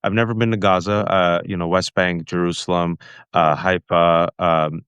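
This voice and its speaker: A man's voice: low-pitched, moderate pace, clear, resonant tone, no room sound, highs cut off. An American man hosting an interview, telling an anecdote and acting out the voices he quotes. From United States. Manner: animated storyteller, acting out quotes. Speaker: host. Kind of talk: casual interview chat.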